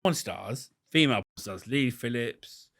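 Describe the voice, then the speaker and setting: Gravelly and mid-range, this man speaks at a normal speed as a guest in a casual podcast interview. His stories are boastful, crude, and full of swearing, and he imitates the people he quotes with lively put-on voices.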